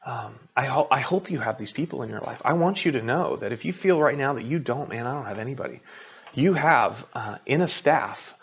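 A man's voice: mid-range voice, animated, moderate pace, gravelly, few pauses, slightly rough, lo-fi sound. A middle-aged man preaching a sermon as a pastor, talking in a conversational, confessional way with frequent rhetorical asides.

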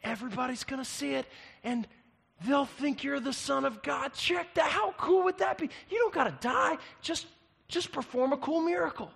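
A man voicing a sly male devil who coaxes and mocks, rising to gleeful shouts. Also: very high voice, moderate pace, vocal fry, pitched above the performer's own voice, heavily acted. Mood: gleeful taunting. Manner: wheedling, mocking, rising to shouts.

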